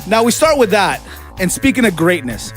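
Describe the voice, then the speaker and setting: A man's voice: sits high, normal speed, faint music behind. A man co-hosting a sports podcast, trading jokes and echoing his co-host in casual banter. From Canada. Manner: animated, jokey, echoes his co-host.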